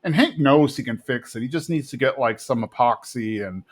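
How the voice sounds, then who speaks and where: A man from Texas casually recapping a cartoon episode on a podcast, slipping into quick voices for the characters. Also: mid-range voice. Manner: retells plot with quick put-on character voices. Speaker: podcast co-host.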